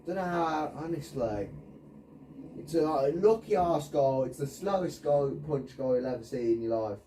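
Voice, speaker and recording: Recorded from a distance with a little hiss or hum, a man with a fairly high but dark voice commentates his match at a moderate pace. He's expressive and annoyed, swearing and ranting at his teammates.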